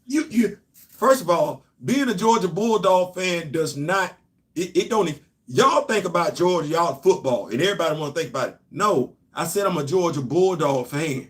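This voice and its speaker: A man hosting a casual live-stream show, animated and laughing often as he chats about football. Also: fairly high pitch, moderate pace. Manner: animated, laughing often, Southern colloquial talk. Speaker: show host.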